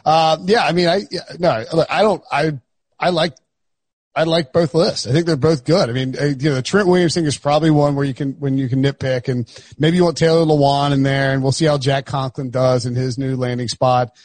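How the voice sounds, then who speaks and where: Husky, joking male podcast host. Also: fairly high pitch, steady tone, darkish tone, no echo. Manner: joking, rambling, quick to laugh. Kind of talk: casual chat.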